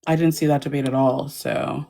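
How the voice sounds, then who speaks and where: A woman's voice: low-pitched, steady tone, normal speed, vocal fry, dark tone. A woman panelist in a casual chat, blunt and slangy, often breaking into laughs.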